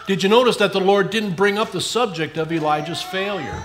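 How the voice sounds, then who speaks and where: A man preaching a sermon in an earnest way, rising for emphasis and dropping soft at the ends of phrases. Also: high-pitched, a little fast, hardly any pauses, a little hiss or hum.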